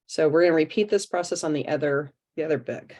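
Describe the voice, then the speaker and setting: Low-voiced woman teaching a craft. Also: fast, darkish tone. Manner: chatty, step-by-step explaining while working. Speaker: art teacher leading a craft workshop. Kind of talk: online craft demonstration.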